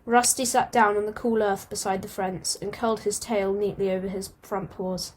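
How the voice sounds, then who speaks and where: A woman reading a storybook aloud at a mid-range pitch. She keeps a steady pace but now and then stumbles and starts a phrase over. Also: normal speed, hardly any pauses, slight background noise. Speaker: audiobook reader.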